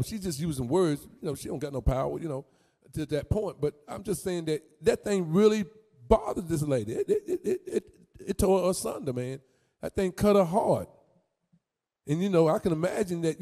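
Male commentator, animated stammering delivery, high-pitched yet mellow tone, long room reverb. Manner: animated, repetitive, stammers and restarts, gets loud and sing-song. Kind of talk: religious commentary on a played clip.

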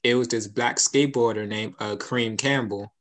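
A man's voice: mid-range voice, fairly even intonation, moderate pace, a bit bright. Young man, casual chat, laid-back storytelling, laughs a lot.

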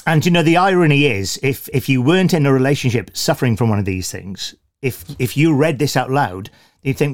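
Brief: male host, conversational and a bit halting, mid-pitched. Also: animated. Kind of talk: interview questions.

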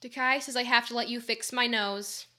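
A battered teenage girl who answers everything with dry sarcasm, read by a teenage girl. The voice sits fairly high and the delivery stays deadpan. It is an amateur audiobook. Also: normal speed. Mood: wry. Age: teens. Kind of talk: amateur audiobook character reading.

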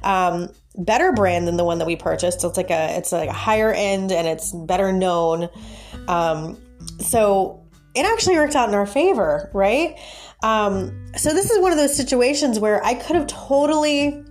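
A woman casually telling her viewers a story, her voice jumping up in pitch and breaking into laughs as she relives the outrage. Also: normal speed, faint music behind. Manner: animated, jumps high in pitch when retelling her outrage, laughs often. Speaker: vlogger.

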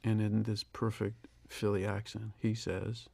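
A man in his sixties, a film director giving a reflective, measured audio commentary. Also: lowish voice, level tone, gravelly, a little mellow. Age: 60s. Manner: reflective, measured, with pauses and restarts.

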